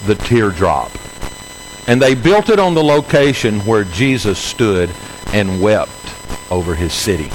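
A man's voice: slight background noise, poor audio. Earnest middle-aged male pastor. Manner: earnest storytelling, drops soft and low at emotional points. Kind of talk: sermon testimony.

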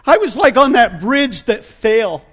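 A man voicing a breathless male traveler, rushing to tell his news loudly. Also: extremely high pitch, sing-song, pitched above the performer's own voice, full character voice. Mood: breathless excited. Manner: loud, rushed storytelling.

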